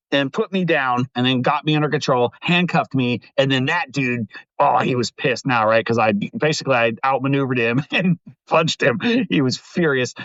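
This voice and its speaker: A middle-aged man casually telling stories in a lively way, swearing and laughing often. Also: medium pitch, no room sound, lo-fi sound. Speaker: guest. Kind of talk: casual storytelling.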